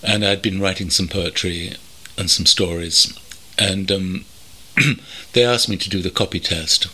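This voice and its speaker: An older man from North London looks back on his working life in a slow, thoughtful way, pausing often. His voice is husky with a bright, forward edge. He speaks as a guest, sitting in a country home. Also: deep voice, fairly even intonation. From North London, England. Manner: thoughtful, measured, with many pauses and ums. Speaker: interview guest, veteran copywriter. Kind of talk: reflective reminiscing.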